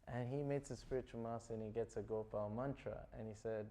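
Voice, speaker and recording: Mellow-voiced man telling stories casually. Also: mid-range voice, fairly even intonation, a little fast. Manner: loose, chatty retelling full of "like" and "you know". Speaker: speaker giving a scripture class. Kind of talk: casual storytelling talk.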